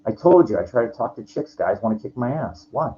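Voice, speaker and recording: On a lo-fi clip with a faint hiss of background noise, a man in his forties delivers a frustrated, profane rant to his vlog camera. His mid-range, mellow voice is expressive and a little fast, and he rambles through many restarts and annoyed asides.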